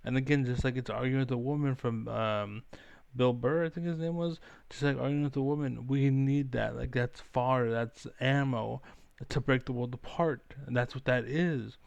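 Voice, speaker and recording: A young man with a gravelly, fry-edged voice rants in circles. He swears constantly, repeats his points and never doubts himself. The sound is close and dry, with no room around it. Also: mid-range voice, fairly even intonation, normal speed, darkish tone, no echo, muffled recording. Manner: swearing, repetitive, self-assured. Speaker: streamer. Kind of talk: rambling profane rant.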